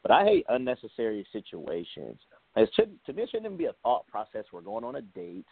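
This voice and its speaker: A man in casual podcast chat, giving measured, reflective opinions. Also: medium pitch, wildly swooping pitch, creaky, husky, dry recording. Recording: tinny phone-like sound.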